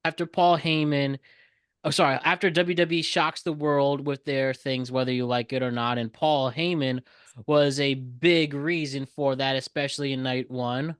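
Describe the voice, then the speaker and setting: A man hosting a casual podcast, explaining things to listeners with quick asides. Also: medium pitch, fairly even intonation, clean tone, no echo. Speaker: podcast host.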